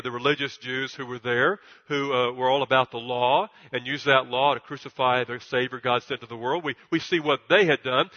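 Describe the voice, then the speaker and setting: A man preaching a sermon in a church, his voice a little high for a man. He drives his points home with repetition, swinging up to loud, lifted peaks and stumbling into a stutter now and then. The sound is dull and muffled, with a long reverb trailing off the hall. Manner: emphatic, builds to loud high peaks, repeats words; stutters at times. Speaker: pastor.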